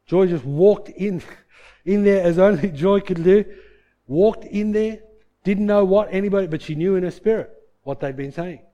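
A man preaching a sermon, telling a story and swinging from loud bursts to hushed tones. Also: high voice, normal speed, highs cut off. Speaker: pastor.

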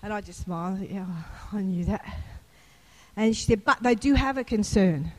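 A woman's voice: mid-range voice, normal speed, darkish tone. A woman preacher giving a sermon, telling a personal story in a chatty way and rising into fervent, emphatic preaching. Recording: long hall reverb.

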